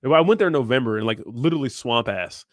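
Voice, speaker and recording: A man's voice: medium pitch, expressive, fast talker, dry recording, clean studio sound. A young man from Southern California hosting a crypto livestream, chatting casually and crudely, joking and laughing as he reads viewer comments.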